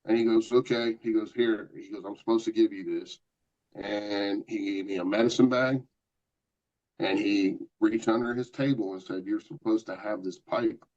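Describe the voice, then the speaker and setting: A man's voice: on the low side, normal speed. A middle-aged man, a paranormal investigator, telling a long personal story in a casual, rambling way with lots of quoted asides. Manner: rambling, animated anecdotes with many quoted asides. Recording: dull lo-fi podcast audio.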